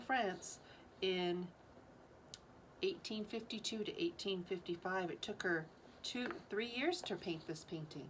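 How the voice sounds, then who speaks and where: A woman with a mid-range voice leads a school's morning announcements. She speaks in a teacherly way, asking her young listeners questions as she goes, over a faint background hiss. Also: mid-range voice. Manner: teacherly, asks students questions.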